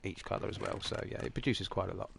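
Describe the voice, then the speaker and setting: Chatty man, lowish voice. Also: fairly even intonation, quick pace, creaky, a little hiss or hum. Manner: chatty, jokey, rambling. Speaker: livestream host. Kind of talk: casual game commentary.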